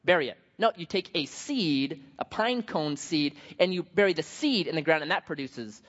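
A man's voice: on the high side, moderate pace. A man preaching a sermon, telling stories with humor and playful asides. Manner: animated storytelling, joking. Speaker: pastor. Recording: dull sound in a large reverberant hall.

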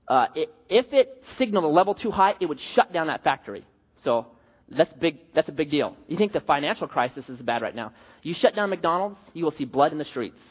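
A man preaching a sermon, telling a personal story in an animated way and asking the audience questions. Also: a little high, breathy edge. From US West Coast. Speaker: pastor. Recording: dull hall reverb.

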